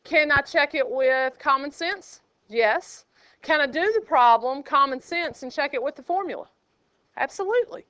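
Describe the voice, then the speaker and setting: A woman's voice: high voice, expressive, normal speed, a bit bright, no room sound. A woman math teacher, teaching a classroom and joking with her students. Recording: dull lo-fi classroom recording.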